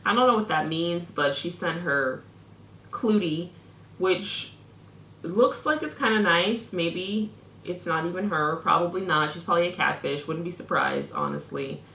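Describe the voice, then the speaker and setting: A woman's voice: on the low side, unhurried, creaky, sharp tone, echoey room, slight background noise. A young woman vlogger reading out messages with sarcastic, mock-indignant commentary.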